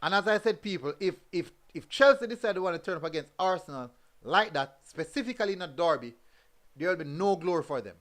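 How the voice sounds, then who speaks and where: A fairly high-voiced man with a lilt talks through football results in a loose, chatty review. He hammers his points home by saying the same phrase twice. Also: lively intonation, quick pace, a bit bright. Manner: repeats phrases for emphasis. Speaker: football review show host. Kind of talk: casual live football review talk.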